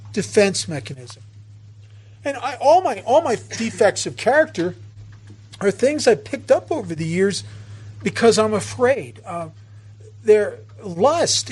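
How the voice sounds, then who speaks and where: A man in his fifties giving an earnest twelve-step recovery talk, halting and restarting as he tells stories. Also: high voice, husky.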